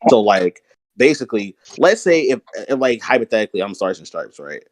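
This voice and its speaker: A man co-hosting an anime podcast, excitedly explaining powers with hypotheticals and slang. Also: on the low side, a little fast, no room sound. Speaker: podcast co-host. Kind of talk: casual chat about anime.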